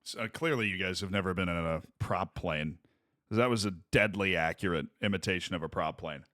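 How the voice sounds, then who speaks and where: A man's voice: low voice, a little fast, fairly bright tone. A man streaming a game and chatting casually with his viewers, joking around as he plays. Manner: goofy, playful, jokey asides to chat. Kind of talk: casual gameplay commentary.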